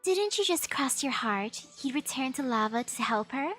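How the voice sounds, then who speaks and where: A woman streaming a video game, reading its dialogue aloud in a playful, animated way and adding her own commentary. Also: sits high, moderate pace, faint music behind. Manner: playful, animated, switches voices for characters.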